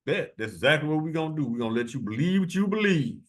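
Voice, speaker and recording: A man reading scripture verses slowly and adding blunt, profane commentary between them. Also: a little high, lively intonation. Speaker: preacher.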